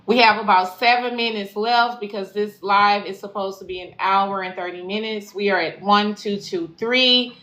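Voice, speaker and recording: Her tone is sharp and steady, her pitch mid-range, and she talks at a moderate pace with hardly any pauses. She's a woman spiritual life coach saying goodbye to live-stream followers in slangy, profane, affirming language, repeating phrases for emphasis. The room echoes and carries faint background noise.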